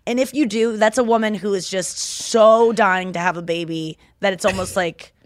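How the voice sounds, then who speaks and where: Brief: young woman podcast co-host, lively comic banter, dry close mic. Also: medium pitch, normal speed, no echo. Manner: animated, jumps into squealing voices for quotes. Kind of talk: casual comedic chat.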